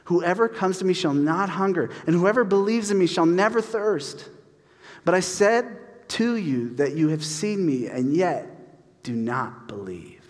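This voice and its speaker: A pastor delivers a sermon in a relaxed, conversational way, acting out the voices in his stories. His voice sits a little high for a man. It rings out with the long reverb of a church hall. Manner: casual and animated, acts out voices in stories.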